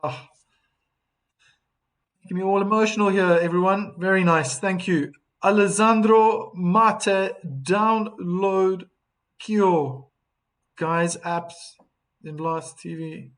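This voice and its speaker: A man's voice: high voice, steady tone, slow, long pauses, fairly bright tone. A man doing live tennis commentary on a stream, chatting and reading out viewer comments between points.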